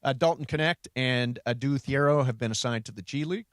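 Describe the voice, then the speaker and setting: A man co-hosting a sports radio show, trading quick opinions and pushing back on his partner. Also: mid-range voice, dry recording, clean studio sound. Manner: quick back-and-forth, pushes back. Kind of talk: casual sports talk.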